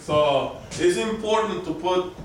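A man's voice: high-pitched, slow, distant mic. A man teaching a language class, patiently drilling words aloud and quizzing his students. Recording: echoey classroom recorded from afar, background noise.

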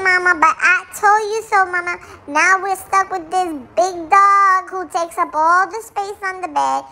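A woman voicing a small, jealous, dramatic female chihuahua who chats away and switches between English and Spanish. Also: full character voice. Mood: indignant. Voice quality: very high, bright dog voice.

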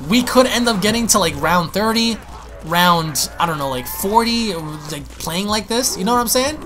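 A man giving excitable, profane live commentary while playing a zombie shooter, often repeating his words. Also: sits high, moderate pace, soft background music. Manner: excitable, swears, exclaims and repeats himself. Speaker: gaming YouTuber.

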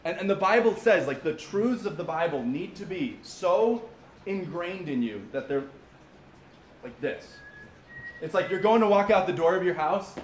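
Man, pastor, casual sermon with asides, fairly high voice, echoey room, faint background hum. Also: expressive, moderate pace. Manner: informal, talks straight to the audience with asides. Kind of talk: conversational sermon. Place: father-son camp gathering.

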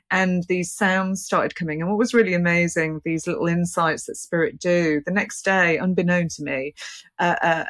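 A middle-aged English woman, a psychic medium, telling her story in an interview with lots of laughter and quick restarts. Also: lowish voice, no room sound. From England.

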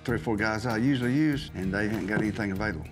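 Southern man, rancher partner, plainspoken drawl, brisk delivery, music bed underneath. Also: on the low side. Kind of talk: reality TV conversation. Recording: music playing under speech.

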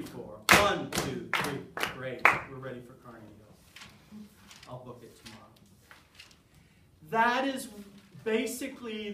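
A man's voice: fairly high pitch, distant mic, slight background noise. A man lecturing a college class on rhythm, counting beats aloud and quizzing his students. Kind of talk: classroom lecture with clapping exercises. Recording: roomy classroom sound from off-mic.

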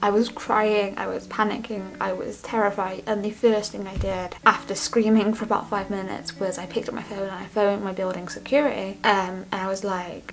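Creaky-voiced young woman vlogging. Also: medium pitch, steady tone, normal speed, few pauses, rough recording. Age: young adult. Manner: candid, rambling, restarts often. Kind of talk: personal vlog storytelling. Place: student flat bedroom.

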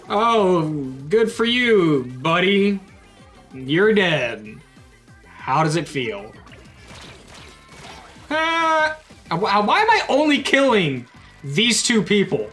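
A young man giving loud, excitable gameplay commentary, swearing and trash-talking his opponents. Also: sits high, slow pace, faint music behind. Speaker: gaming YouTuber.

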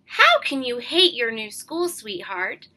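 A woman's voice: on the high side, sing-song, takes it slowly, exaggerated voice. A woman voicing a patient husband in a storybook who coaxes and then firmly insists. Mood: coaxing. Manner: coaxing, gently firm. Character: patient cheerful husband, coaxing and firm.

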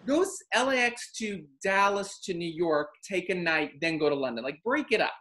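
A man hosting a casual chat, telling a long travel story with lively acted-out quotes. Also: sits high, normal speed. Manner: animated, acts out quotes and voices. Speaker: host.

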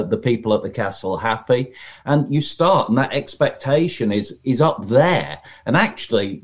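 A man talks shop on a podcast in a medium-pitched voice, telling stories with animated asides that mimic audience reactions. The audio is a little dull and lo-fi. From Britain. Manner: chatty, animated storyteller who acts out audience reactions. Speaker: magician guest. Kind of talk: casual podcast conversation. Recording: slightly muffled lo-fi audio.

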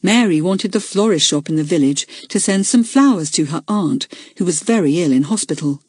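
A woman narrating a children's audiobook in a clear, measured storytelling manner. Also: lowish voice, expressive, a little mellow, dry recording.

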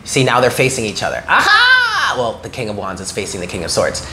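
This tarot reader talks fast in a lowish, somewhat bright male voice, and a little hiss or hum can be heard. He addresses the listener earnestly and with encouragement, constantly asking "okay?"

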